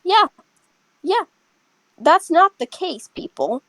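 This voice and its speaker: A young woman who works as a server tells a story to friends in a casual chat, blunt, profane and animated. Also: very high voice, takes it slowly, dry recording, poor audio. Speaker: restaurant server telling a story.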